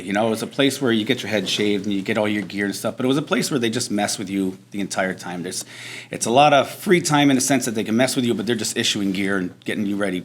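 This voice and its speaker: A veteran man giving a storytelling speech at a breakfast event, animated and conversational, mixing quick and slow phrasing. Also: lowish voice, a little hiss or hum. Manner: animated storyteller, acts out shouted drill instructor lines. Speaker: veteran speaker. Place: banquet hall at a veterans breakfast.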